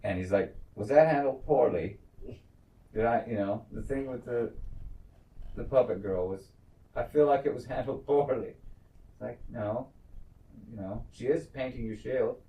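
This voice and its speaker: A man in casual recap chat, telling scenes with lively quoted lines and some swearing. He sits back from the microphone, and the room around him has a noticeable echo. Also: medium pitch, moderate pace, pauses often, recorded from a distance. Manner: animated retelling, quotes characters, swears. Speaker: podcast co-host. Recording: echoey room, away from mic.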